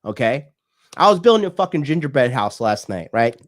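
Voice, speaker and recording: A man's voice: medium pitch, sing-song, fairly quick. A man from the United States, a dating coach hosting a livestream, talking in a blunt, profane, preachy rant.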